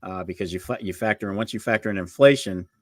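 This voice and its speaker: A man's voice: lowish voice, no room sound, clean studio sound. A man co-hosting a casual livestream chat, reading out market prices and talking loosely with his partner. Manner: chatty, reads market prices off quickly. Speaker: co-host of a livestream show.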